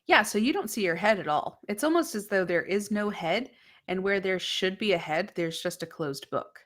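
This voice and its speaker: A woman narrating a tabletop horror game as game master, often dropping to a hushed whisper. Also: medium pitch, expressive, normal speed. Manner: hushed, dreamy storytelling that drops to whispers.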